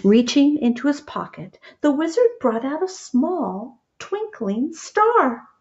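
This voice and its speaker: A woman reading a picture book aloud, gentle and expressive, stopping to point out the pictures. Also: high voice, slow, highs cut off. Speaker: storybook reader.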